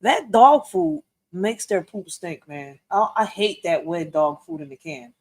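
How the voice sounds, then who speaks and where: Woman doing reaction commentary, slangy and chatty, talks right to the viewers, mid pitch. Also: very animated, measured pace, slight background noise. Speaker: reaction video host.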